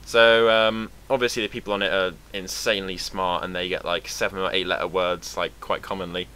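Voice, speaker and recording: A young British man from England talking to camera in a casual, rambling vlog, sarcastic and quick to swear. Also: low-pitched, flat delivery, sharp tone, clear, resonant tone. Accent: British English. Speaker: vlogger.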